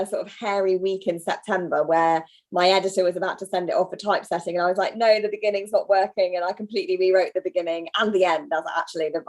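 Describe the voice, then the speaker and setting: A woman in her thirties talks as an author guest on a video call. Her voice sits on the low side, and she keeps up a chatty, self-deprecating flow with quick asides. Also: darkish tone. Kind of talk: conversational interview over video call.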